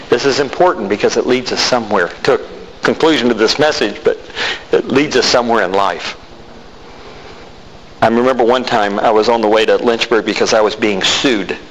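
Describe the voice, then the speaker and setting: A man's voice: medium pitch, a bit bright. A man preaching a sermon and telling a personal testimony, acting out both sides of the conversations he recalls. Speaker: pastor. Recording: reverberant hall with faint noise.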